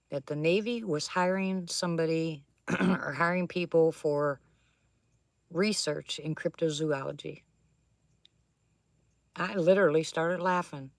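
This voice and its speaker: Low-voiced chatty woman on a livestream. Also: no echo, clean studio sound. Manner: chatty, laughs often, talks to viewers by name. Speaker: livestream host reading viewer chat. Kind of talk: casual livestream chat. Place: attic room at home.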